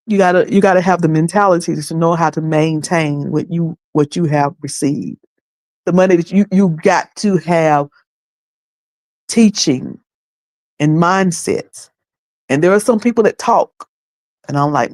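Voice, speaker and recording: A woman's voice: deep voice, moderate pace, a little mellow, dry recording. A woman hosting a livestream, talking in a colloquial, preachy way and laughing often. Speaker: livestream host. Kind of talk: casual livestream commentary.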